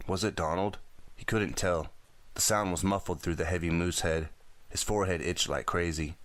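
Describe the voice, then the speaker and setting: A man reading a teen thriller audiobook aloud in a steady, dramatic storytelling manner. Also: sits low, moderate pace, no room sound. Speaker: audiobook narrator.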